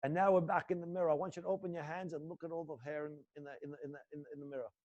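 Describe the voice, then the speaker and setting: A male acting teacher guiding students through an intense exercise, swinging between low muttered lines and loud coaching. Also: level tone, rapid-fire, dull audio. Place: indoor room.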